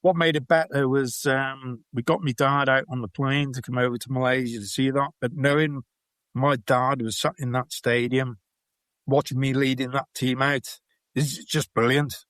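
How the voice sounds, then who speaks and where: A man with a Welsh accent, a podcast guest telling anecdotes in a relaxed, chatty way. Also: mid-range voice, normal speed, dry recording. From Wales. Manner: chatty, anecdotal, laughs while telling stories. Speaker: podcast guest, bowls player. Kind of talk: storytelling in a casual interview.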